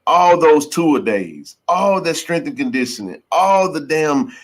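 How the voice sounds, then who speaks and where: A man's voice: fairly high pitch, very animated, a little slow. A man hosting a call-in sports podcast, talking emphatically and preachily, dropping "bro" and "man" often. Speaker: podcast host. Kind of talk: casual call-in chat.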